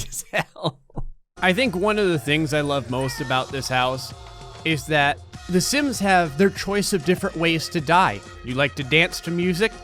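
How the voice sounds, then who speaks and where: A man's voice: fairly high pitch, fairly bright tone. A man giving gleeful, sarcastic let's play commentary, laughing often. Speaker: gaming commentator.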